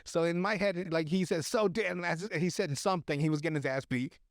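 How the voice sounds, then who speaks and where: A man on a podcast casually recapping a movie, profane and animated, acting out the characters' lines as he goes. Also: fairly high pitch, brisk, dry recording, clean studio sound. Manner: profane, animated retelling with acted-out quotes. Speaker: podcast host.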